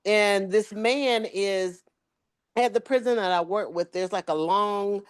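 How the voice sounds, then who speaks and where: A woman's voice: mid-range voice, takes it slowly, clear, resonant tone. Lady telling a wild story, acts out everybody's lines, voice jumps all over. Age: adult with children. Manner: animated storyteller, acts out quoted dialogue. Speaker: podcast co-host. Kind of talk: casual storytelling chat.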